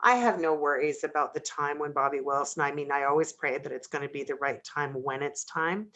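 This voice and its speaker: A woman's voice: low-pitched, fairly quick, fairly bright tone. A woman hosting a radio interview, talking sincerely about her own dogs. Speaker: radio host.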